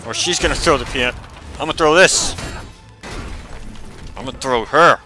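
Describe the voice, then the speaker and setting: Excitable man yelling over game music. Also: medium pitch, moderate pace. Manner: excitable, swears and yells at the game. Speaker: video game player. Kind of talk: gameplay commentary.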